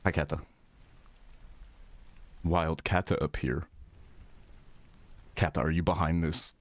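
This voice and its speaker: A male streamer talks loosely with his live chat in a deep, low voice. He rambles through half-finished thoughts and swears freely as he reacts to viewers' comments. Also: fairly even intonation, slow pace, dry recording.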